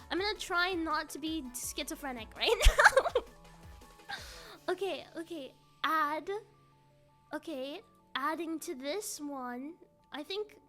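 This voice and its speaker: A woman streamer chatting casually on a live stream, excitable and giggly, often repeating herself. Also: very high voice. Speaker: live streamer with an avatar model.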